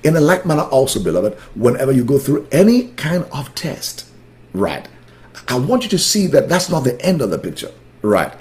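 Lively, fervent male preacher. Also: medium pitch, normal speed. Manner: fervent, emphatic repetitions, swings between loud and soft. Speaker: pastor leading a Bible study. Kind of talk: sermon.

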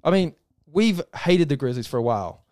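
A man's voice: on the high side, lively intonation, brisk, a little mellow, dry recording. Ranting man, dry close mic. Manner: ranting, sweary, exasperated. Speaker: podcast co-host. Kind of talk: casual sports podcast chat.

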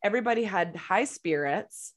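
A woman, co-hosting a casual chat podcast, talkative and quick to laugh. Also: mid-range voice, lively intonation. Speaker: podcast co-host.

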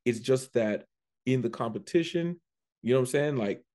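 A man, a comedian, telling a story in a casual chat, animated and prone to restarting his sentences. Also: medium pitch, moderate pace. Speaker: comedian guest.

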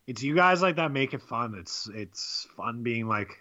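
Bright-voiced young guy rambling on a podcast. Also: mid-range voice, expressive, moderate pace, muffled recording. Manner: rambling, laughing, swearing freely. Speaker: podcast co-host. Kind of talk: casual chat.

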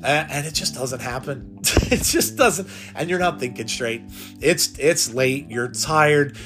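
A man's voice: medium pitch, animated, measured pace, over music. A man hosting a solo podcast, talking off the cuff and rambling, with frequent restarts and repeated words. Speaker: podcast host. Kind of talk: unscripted solo podcast talk.

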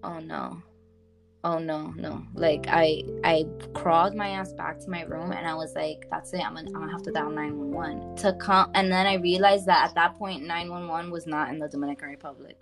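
Lower-voiced young woman telling a story. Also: a little fast, few pauses, over music. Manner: animated, addresses listener as "girl", many fillers. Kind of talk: casual chat, personal storytelling.

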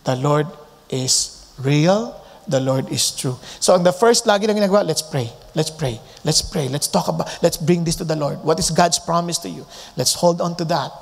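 High-voiced Filipino pastor preaching. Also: male voice, moderate pace, in a large hall. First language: Tagalog. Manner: switches between English and Tagalog, acts out quotes in varied voices. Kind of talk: sermon.

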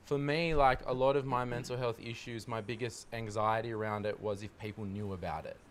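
A man's voice: on the low side, steady tone, brisk, a little hiss or hum. A man reflecting candidly and thoughtfully on honesty and vulnerability in a group conversation. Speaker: panel guest.

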